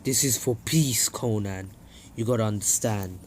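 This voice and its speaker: A young man voicing a cold, solemn male ninja leader in a low, slow, grave voice for a fan story. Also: a little hiss or hum, natural voice.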